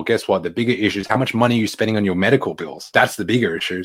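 A man's voice: fairly low pitch, a bit bright. A young adult man, a fitness coach, giving a blunt, profane motivational talk to a live audience, hyped and repetitive.

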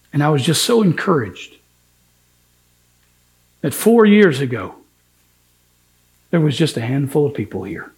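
With a medium-pitched voice, a pastor preaches earnestly and emphatically, voicing biblical figures as he quotes their words.

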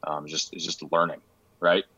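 A young man from Rhode Island speaks as a podcast guest, with a very low, bright and forceful voice. He talks casually and hesitantly, with many ums and restarts. The recording is dry and a little dull. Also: little pitch movement, normal speed, creaky, husky, dry recording. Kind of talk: casual interview chat.

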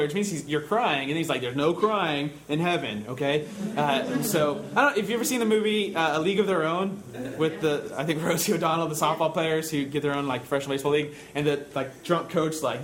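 A man preaching in a plain, talkative way, his voice sitting a little high for a man. He often drops to a gentle hush when he voices quiet comfort. A faint room hum runs under him. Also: low-quality recording. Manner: conversational, with frequent fillers and soft hushed quotes. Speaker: pastor. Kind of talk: sermon.

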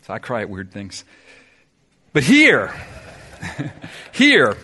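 A middle-aged man preaching a sermon in a church, emphatic, swinging between loud declarations and soft, confiding asides. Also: mid-range voice, huge pitch swings, a little slow, long pauses, breathy edge. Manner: sings song lyrics in snatches. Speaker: pastor.

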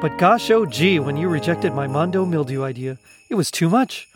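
A man voicing an eccentric, excitable male Muppet who talks earnestly and stammers when cold. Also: fairly high pitch, normal speed, music in the background, close to an everyday voice.

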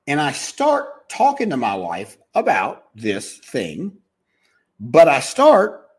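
A man giving a business advice talk, animated and acting out customer calls in different voices. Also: fairly high pitch, slightly rough. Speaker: business speaker.

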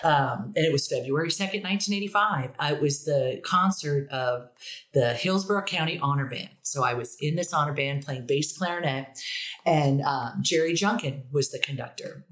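Low-voiced woman in her fifties, chatty. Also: normal speed, a bit bright. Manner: chatty storyteller, laughs often. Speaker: guest, university director of bands. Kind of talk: casual interview chat.

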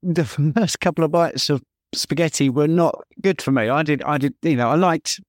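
A man's voice: on the high side, normal speed, no room sound, clean studio sound. Chatty male interview host. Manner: chatty, loose, restarts questions. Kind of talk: casual interview conversation.

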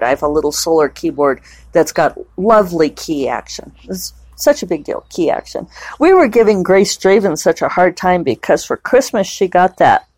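A woman's voice: fairly low pitch, a little mellow, dry recording. A woman novelist chatting casually at home in a rambling, digressive way, with plenty of fillers. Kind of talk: casual vlog chat.

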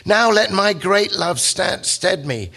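A man's voice: high voice, animated, slow, creaky, sharp tone, breathy edge, voice pushed up, heavily acted. A man voicing an awestruck medieval male poet who speaks in archaic, reverent praise.

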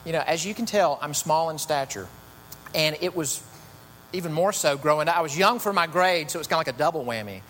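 A man's voice: a little high, fairly quick, a bit bright. A man preaching a sermon in a conversational, storytelling way with chatty asides. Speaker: pastor. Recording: long reverb, faint hum.

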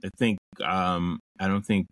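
A man's voice: low-pitched, level tone, a bit bright, dry recording. A man hosting a podcast, steering a casual film discussion with questions and many restarts. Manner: asks questions, steers the talk, halting with restarts. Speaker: podcast host. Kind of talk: casual movie review chat.

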